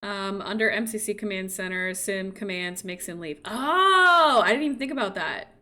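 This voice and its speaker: A woman's voice: mid-range voice, animated, normal speed, sharp tone. A young woman streamer chatting casually as she plays, talking to her game characters and voicing them playfully. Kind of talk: casual gameplay commentary.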